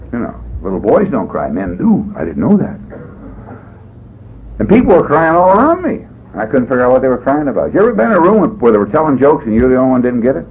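An older man sharing his story at a recovery meeting, folksy and jokey in an animated storytelling way. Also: mid-range voice, fast. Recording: dull lo-fi tape with faint hiss.

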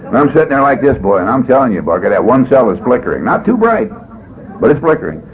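An older man sharing his story at a recovery meeting, folksy and jokey in an animated storytelling way. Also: medium pitch, fast talker. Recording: dull lo-fi tape with faint hiss.

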